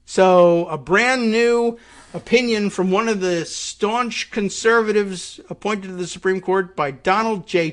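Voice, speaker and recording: Sarcastic high-voiced male podcast host. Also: a little slow, a bit bright. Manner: sarcastic, mocks opponents with put-on quotes. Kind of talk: political commentary monologue.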